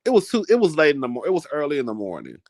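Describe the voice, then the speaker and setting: A man's voice: on the high side, huge pitch swings, racing, a little mellow, dry recording, studio quality. A man vlogging in a casual, chatty storytelling style, dramatic and full of asides. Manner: chatty, dramatic, keeps calling listeners "girl".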